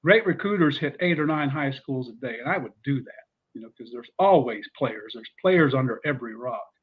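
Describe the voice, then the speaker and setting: A middle-aged man, a former football coach, telling stories in an animated way with many fillers. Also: mid-range voice, brisk, husky, narrow, tinny audio. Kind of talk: casual storytelling interview.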